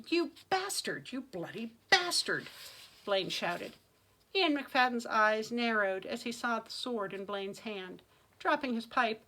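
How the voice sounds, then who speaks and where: Bright, dramatic woman reading fantasy aloud. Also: a little high, poor audio. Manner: dramatic, expressive narration. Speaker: author reading her own novel. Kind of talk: audiobook-style fantasy reading.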